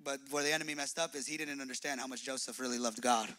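A young man preaching a sermon with animation, jumping between loud emphatic bursts and low quiet asides and repeating phrases for emphasis. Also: steady tone, quick pace. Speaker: pastor.

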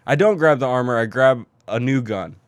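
A man in casual podcast chat, retelling a video game match in a lively, profane way with lots of fillers. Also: mid-range voice, moderate pace, dry recording.

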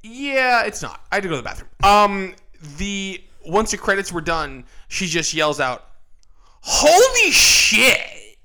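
A man's voice: high-pitched, expressive, moderate pace, hardly any pauses, bright, forceful tone, clear, resonant tone. A man co-hosting a podcast, chatting casually with sarcastic jokes. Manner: sarcastic, joking. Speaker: podcast co-host. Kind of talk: casual chat.

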